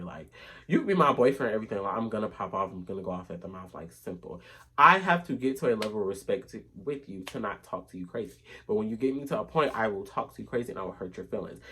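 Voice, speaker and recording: A woman vlogger telling a story in a sassy, animated way, often dropping to low mutters. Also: a little hiss or hum. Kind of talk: casual storytime rant.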